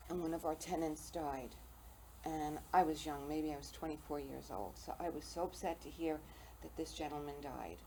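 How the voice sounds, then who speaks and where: An older woman with a very low voice hosts a casual interview and spins funny personal anecdotes. There is a faint hiss behind her. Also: mellow, poor audio. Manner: storytelling, self-deprecating humor. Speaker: talk show host. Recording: faint noise, local TV studio.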